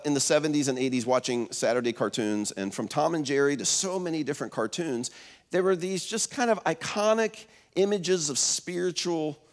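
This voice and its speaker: A man in his fifties preaching a sermon as pastor, telling stories in a conversational way, with many fillers and restarts. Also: mid-range voice. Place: church auditorium. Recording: long hall reverb.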